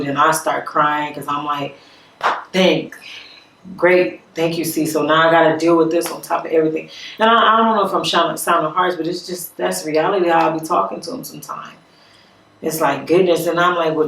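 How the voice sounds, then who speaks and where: A woman talking straight to her own vlog, earnest and reflective, often stopping and repeating words as she works through her thoughts. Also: low-pitched. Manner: halting, with frequent restarts and repeated words. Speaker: vlogger. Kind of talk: personal vlog talk. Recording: echoey room, voice from a distance.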